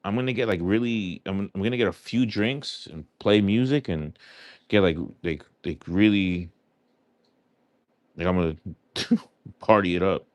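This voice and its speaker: A man's voice: sits low, a little slow, long pauses, no room sound. Chatty New York man on a livestream. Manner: chatty, answers chat aloud, loose and rambling. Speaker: livestream host. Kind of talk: casual live chat with viewers.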